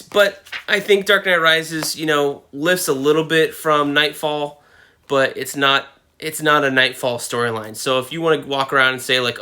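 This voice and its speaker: A man's voice: medium pitch, pushed and bright. A man hosting his own comic book video channel, giving casual, rambling commentary full of fillers and self-corrections.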